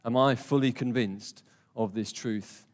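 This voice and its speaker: Unhurried and steady in tone, a man with a mid-range voice preaches a conversational yet emphatic sermon, slipping in jokes. A live congregation listens in the warm church hall, and the recording has a long hall reverb.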